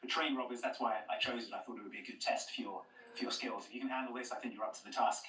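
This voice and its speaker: A man playing a quick, hesitant bounty broker. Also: medium pitch, fairly even intonation, a crowd in the background, lightly acted. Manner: quick, hesitant, full of ums. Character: calm frontier bounty broker, adult man. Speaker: quest giver in a played show. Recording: show sound played from a distance in a roomy space, music under it.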